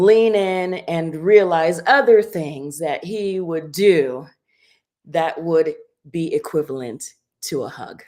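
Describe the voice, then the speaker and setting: Woman, middle-aged, low voice, casual storytelling, filler words. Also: a little mellow. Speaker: guest. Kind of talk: casual live-stream chat.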